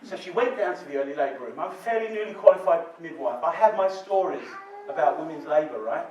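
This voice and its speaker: A man's voice: fairly high pitch, expressive, fast talker, darkish tone, dull audio. A male midwife telling a candid, joking story to a live audience. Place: hall with audience. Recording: echoey hall, distant mic, audience. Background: audience laughter.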